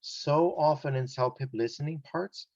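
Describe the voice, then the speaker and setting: A man's voice: on the high side, a little slow, a little mellow, no room sound, muffled recording. A man teaching an English test-prep lesson one-on-one, explaining casually with examples and many fillers.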